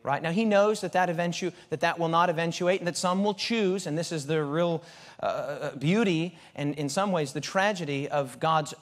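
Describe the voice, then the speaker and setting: High-voiced man preaching a sermon. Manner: animated preaching with rhetorical questions and frequent restarts. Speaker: pastor. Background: audience present.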